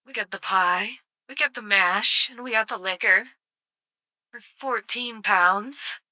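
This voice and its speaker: Bright, swearing woman streamer. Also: medium pitch, slow pace, no echo. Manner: sarcastic, swears freely, mock outrage. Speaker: live streamer. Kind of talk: casual live-stream commentary.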